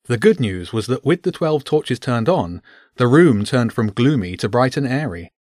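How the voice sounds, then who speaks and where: A man narrating a children's storybook in a steady, even reading voice. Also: mid-range voice, normal speed, no echo, clean studio sound.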